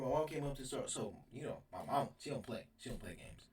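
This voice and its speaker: Young guy, rambling animated storyteller, sits back from the mic in an echoey room; casual storytime vlog. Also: medium pitch, brisk. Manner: rambling, animated, laughs mid-sentence. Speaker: storyteller vlogger. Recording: roomy sound from a distance.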